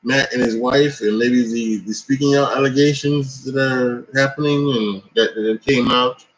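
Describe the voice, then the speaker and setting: A man's voice: mid-range voice, fairly even intonation, moderate pace, low-quality recording. A man giving a casual wrestling reaction, rambling with many fillers and restarts, tired from little sleep. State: tired, yawning. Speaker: wrestling commentator.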